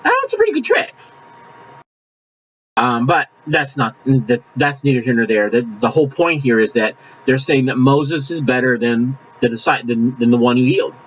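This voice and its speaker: A man's voice: mid-range voice, moderate pace, breathy edge, dull audio. A man preaching a conversational sermon, reading scripture aloud and adding asides. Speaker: pastor.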